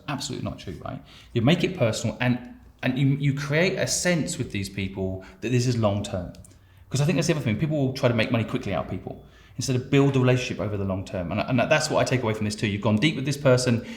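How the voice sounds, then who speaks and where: A man's voice: mid-range voice, animated, fast. A man hosting an interview, recapping his guest's points and repeating himself for emphasis. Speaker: podcast host. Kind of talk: interview reflection. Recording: roomy echo.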